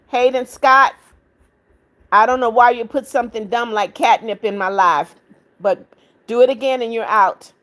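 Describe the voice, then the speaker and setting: Brisk woman reading live chat aloud. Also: fairly high pitch, fairly bright tone. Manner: firm, scolding rude commenters, affectionate to others. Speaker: livestream host reading chat.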